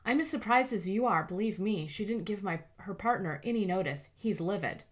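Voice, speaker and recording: Female reader doing a flustered young receptionist, raised pitch, audiobook. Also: expressive, a little fast, natural voice. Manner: tentative, flustered. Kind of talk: audiobook character voice.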